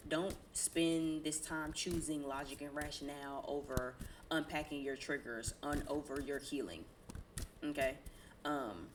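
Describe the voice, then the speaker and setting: A low-pitched woman reads tarot in a loose, casual way to her viewers. She lectures bluntly, with slangy phrasing and the odd curse. A faint hiss sits under her voice. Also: a bit bright. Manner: blunt, preachy, colloquial, swears. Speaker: tarot reader. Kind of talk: casual tarot reading to camera.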